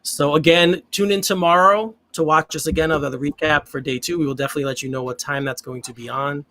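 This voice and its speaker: A man's voice: fairly high pitch, fairly even intonation, fast talker, a bit bright. A man hosting a casual live-streamed podcast, chatting and making announcements to viewers. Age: older than his co-hosts. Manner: wraps up with announcements, friendly sign-off. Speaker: podcast host.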